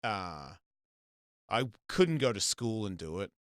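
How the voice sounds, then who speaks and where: A man's voice: fairly low pitch, big pitch swings, slow, dry recording. Australian man, middle-aged, casual host, swears a lot, rambling, close dry mic. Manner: rambling, profane, lots of restarts. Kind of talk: casual chat.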